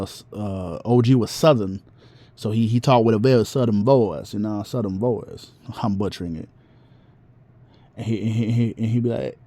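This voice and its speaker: Mellow man rambling casually. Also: on the low side, dry recording. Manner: rambling, with restarts and slang. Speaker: vlogger. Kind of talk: casual monologue.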